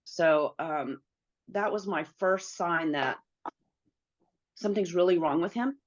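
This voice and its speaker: A deep-voiced, middle-aged woman shares something from her own life while being interviewed, delivering it slowly and sincerely. When she quotes someone, she acts the words out. The audio is flat and lo-fi.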